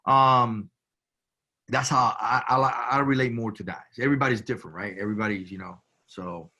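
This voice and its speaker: A man from Cuba, a veteran guest, talking in a halting, casual way full of restarts and "you know". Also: medium pitch, steady tone, pushed and bright. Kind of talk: casual conversation.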